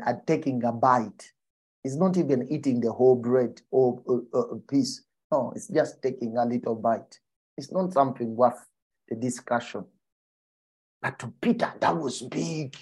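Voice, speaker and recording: A man preaching a sermon, often asking his listeners whether they follow him and dropping to a soft, low voice for emphasis. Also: breathy edge. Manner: animated, checks in with the listeners.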